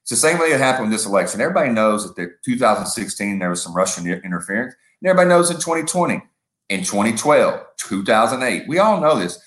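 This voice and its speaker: A man's voice: mid-range voice, very animated, fast talker, fairly bright tone, roomy sound. A man co-hosting a political podcast, rambling and making sports comparisons. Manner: rambling, uses football comparisons, acts out quotes. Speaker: podcast co-host. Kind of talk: casual political commentary.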